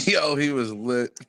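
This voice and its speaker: A middle-aged man calls in and tells a story casually, laughing as he goes. His voice sits in a middle pitch. The recording is dry. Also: dry recording. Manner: laughing, relaxed, retelling a conversation. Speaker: caller.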